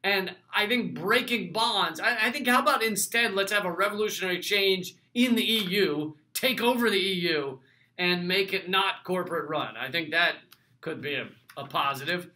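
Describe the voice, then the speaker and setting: A man answering viewer mail in a loose, sarcastic commentary. His voice sits high and comes out bright and cutting. He trips over restarts and throws in dry asides. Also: moderate pace. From United States. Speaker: host.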